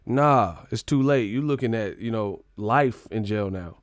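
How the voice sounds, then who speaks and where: A man's voice: lowish voice, a little slow, no room sound, clean studio sound. A young man hosting a live stream, talking loose and slangy, joking and answering his chat. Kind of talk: casual live stream commentary.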